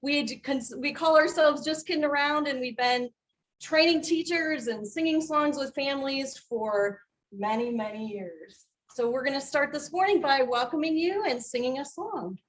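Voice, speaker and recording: A woman's voice: high voice, moderate pace, rough recording. A woman who trains teachers and sings for families, giving an upbeat welcome and urging the audience to join in. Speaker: children's music performer and teacher trainer. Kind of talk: welcoming address to a conference.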